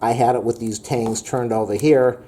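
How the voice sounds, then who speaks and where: A man with a mellow, darker-toned voice walks through a do-it-yourself how-to in a loose, rambling way. He leans on fillers as he goes, and his pitch sits in an ordinary middle range. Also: steady tone, normal speed, a little hiss or hum. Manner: casual, rambling, with frequent fillers. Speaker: DIY video host. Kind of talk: home improvement how-to.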